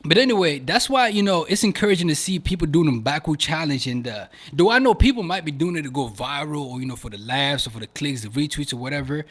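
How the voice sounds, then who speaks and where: A young man from Africa hosting a podcast, chatting casually to viewers in animated slang. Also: a little high, fast talker, hardly any pauses. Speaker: podcast host. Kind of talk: casual video commentary.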